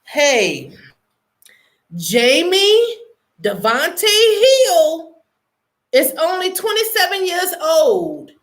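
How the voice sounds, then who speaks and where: A high-voiced woman hosts a casual news commentary show. She talks very slowly and stretches her words out for drama. Her pitch swoops up and down freely as she teases her listeners and laughs along. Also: wildly swooping pitch, a bit bright. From United States. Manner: playful, laughing, drawn-out dramatic delivery. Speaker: online show host.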